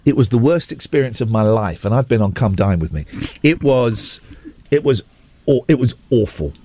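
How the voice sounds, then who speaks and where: A man's voice: mid-range voice, normal speed. A middle-aged man, hosting a casual chat and telling stories with wry asides. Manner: animated storytelling, wry asides. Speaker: radio show host.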